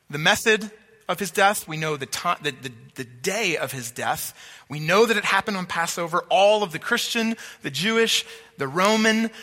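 Animated preacher in a reverberant hall. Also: male voice, high voice. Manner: emphatic, animated teaching with rhetorical questions. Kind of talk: sermon.

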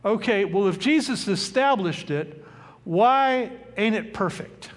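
A male pastor preaching a sermon in a lively, conversational way, often asking the congregation questions. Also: high-pitched, slow, big-room sound.

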